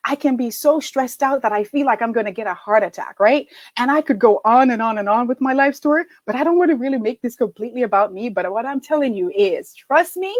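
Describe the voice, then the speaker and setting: A middle-aged woman with a fairly high voice coaches a live-stream audience and answers their comments. She talks in a chatty, encouraging way and often tags her points with "right?". The sound is close and dry. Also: dry recording. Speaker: confidence and leadership coach.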